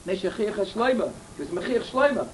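A man delivers a Torah lecture, earnestly telling stories, repeating key phrases and mixing in Hebrew and Yiddish terms. His high-pitched voice is fairly quick with lively intonation. The recording is low quality, with a little hiss or hum.

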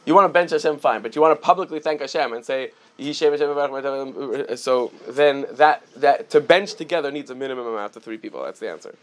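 A man's voice: medium pitch, a little fast, hardly any pauses. A man giving a Talmud lesson, reading Aramaic lines and then explaining them in plain English with many fillers and restarts. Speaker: Talmud teacher. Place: Chicago area.

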